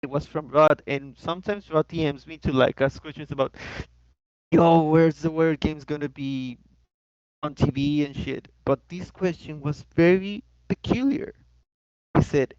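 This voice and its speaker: A man chatting on a podcast as a guest, telling a story with lots of swearing and high-pitched bits for quoted people. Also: unhurried, clean tone, no room sound. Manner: animated, profane, jumps into high voices for quoted people. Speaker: guest co-host. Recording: dull, dry lo-fi recording.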